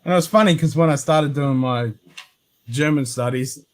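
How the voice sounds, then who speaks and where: A man's voice: fairly high pitch, moderate pace. An Australian man hosting a live whisky chat, telling stories in a blunt, sweary way with frequent laughs. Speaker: host of a whisky show. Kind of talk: casual chat on a live stream.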